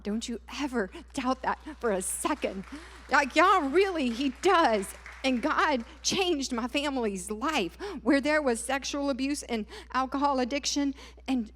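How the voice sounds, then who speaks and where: A woman, giving a personal testimony sermon at a conference in a lively storytelling way. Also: mid-range voice. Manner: lively storytelling, many "like" and "y'all". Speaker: conference speaker. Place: large church hall. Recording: hall with long reverb.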